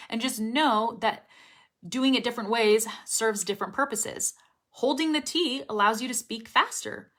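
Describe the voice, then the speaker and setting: A woman's voice: mid-range voice, a bit bright. A young woman teaching English pronunciation, chatting upbeat on a live stream while reading viewer comments aloud.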